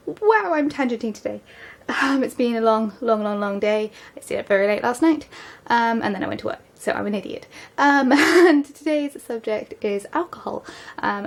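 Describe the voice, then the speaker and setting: A young woman with an English accent talks straight to camera in a loose, rambling vlog. She fills her sentences with ums and often rushes ahead in quick bursts. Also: medium pitch, vocal fry. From England. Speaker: vlogger. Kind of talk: casual vlog monologue. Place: home, just out of the shower.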